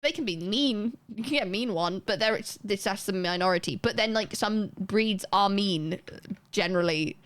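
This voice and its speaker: A young woman with a mid-range voice chats casually on a live gaming stream, rambling and poking fun at herself with quick asides. There's no echo on the audio.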